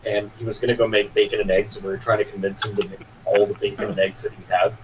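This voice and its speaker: A man with a fairly low voice, recounting a story in a relaxed, casual chat. Faint noise hums under the call audio. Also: fast talker. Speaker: podcast co-host.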